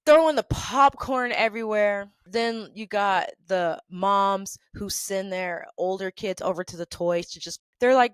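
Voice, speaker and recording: A woman vlogger shares work stories in a sassy, emphatic, casual manner, laughing often and checking in with "okay?" Her medium-pitched voice moves a little slowly with few pauses, and the tone is clean with no room sound. The storytelling is animated and casual.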